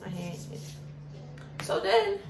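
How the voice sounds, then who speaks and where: A young woman working at a coffee shop tells a storytime in a blunt, animated and profane way. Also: mid-range voice, takes it slowly, music in the background. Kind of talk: casual storytime. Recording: roomy, distant from mic, faint noise.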